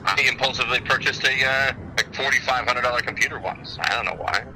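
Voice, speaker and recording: A man co-hosting a podcast, calling in by phone from an airport and telling a story in an animated way. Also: medium pitch, fast, rough recording. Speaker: podcast co-host. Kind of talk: casual storytelling chat.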